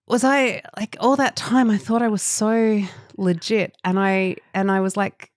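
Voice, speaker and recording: A woman's voice: medium pitch, fairly even intonation, measured pace, dry recording, clean studio sound. A woman co-hosting a podcast, chatting casually and telling stories about herself in a playful, self-mocking way. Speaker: podcast co-host. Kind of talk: casual chat.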